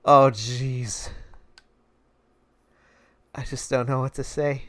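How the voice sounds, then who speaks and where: A man's voice: mid-range voice, fairly even intonation, takes it slowly, long pauses, a bit bright. A man commentating on a game, laughing often and exclaiming in shock, reading narration aloud. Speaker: let's play gamer.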